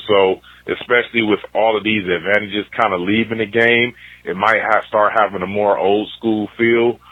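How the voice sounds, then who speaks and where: A man's voice: lowish voice, no echo. A man calling in to a podcast, chatting in a rambling, enthusiastic way over a phone line. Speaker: caller. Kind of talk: casual voicemail recap. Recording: tinny phone line, dry.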